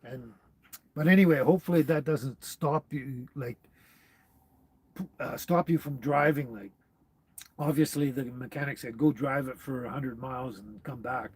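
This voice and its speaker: A man's voice: mid-range voice, moderate pace, darkish tone, breathy edge. A man hosting a casual livestream, rambling with many fillers as he answers viewer comments. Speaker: livestream host. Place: tiny house on wheels. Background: dog barking.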